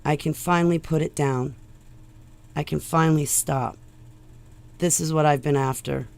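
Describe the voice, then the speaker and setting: A woman vlogger talking loudly in a rambling monologue that jumps from one tangent to the next. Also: deep voice, steady tone, normal speed, creaky. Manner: loud, rambling, jumps between topics.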